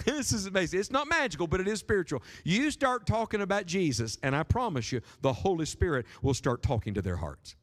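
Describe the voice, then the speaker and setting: A man pastor preaching a sermon, animated and emphatic, rising and dropping his voice for stress. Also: high-pitched, brisk. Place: church sanctuary. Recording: sermon with long hall reverb.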